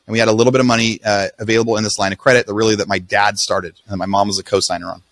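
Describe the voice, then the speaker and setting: A man, a podcast guest, telling his own story in a casual, animated way, often breaking off and restarting his sentences. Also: on the low side. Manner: rapid, animated retelling with restarts.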